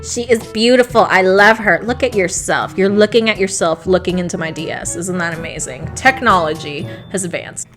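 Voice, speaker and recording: A young woman tells a casual storytime vlog, animated and full of swearing and laughter. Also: mid-range voice, normal speed, music in the background. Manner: animated, profane, laughs often. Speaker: vlogger.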